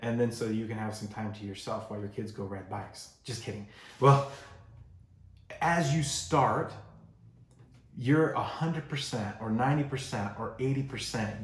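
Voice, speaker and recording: Conversational male pastor in a roomy church. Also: mid-range voice. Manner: conversational, acts out quoted voices. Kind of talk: sermon. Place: church sanctuary.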